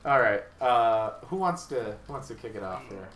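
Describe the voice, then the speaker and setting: Bright-voiced young man, enthusiastic podcast host. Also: medium pitch, expressive. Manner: enthusiastic, rambling, quick to laugh. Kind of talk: casual podcast chat. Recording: echoey room mic from a distance with faint noise.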